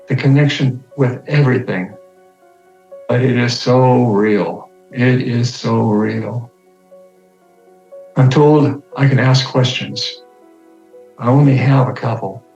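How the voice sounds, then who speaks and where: A man telling the story of his near-death experience in the first person, slow and reflective, his voice climbing high when he gets excited. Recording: roomy, slightly dull sound with faint music.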